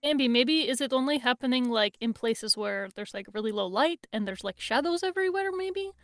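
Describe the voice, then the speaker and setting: A woman's voice: on the high side, lively intonation, a little fast, fairly bright tone, no echo. A woman chatting casually as a player at a tabletop game, with lots of "like" fillers.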